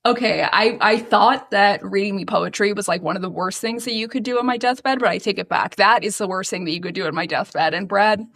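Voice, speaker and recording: A woman's voice: mid-range voice, brisk, hardly any pauses, a bit bright. A woman co-hosting a podcast, ranting in a sarcastic, profane, laughing manner. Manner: sarcastic, swearing, laughing rants. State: waiting for an edible to kick in. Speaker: podcast co-host. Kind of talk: casual podcast banter.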